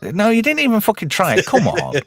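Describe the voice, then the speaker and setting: Man, host, lively rising and falling pitch, dry close sound, jokey banter. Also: a little fast, gravelly, no room sound. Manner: animated, swearing, jokey banter. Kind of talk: casual chat.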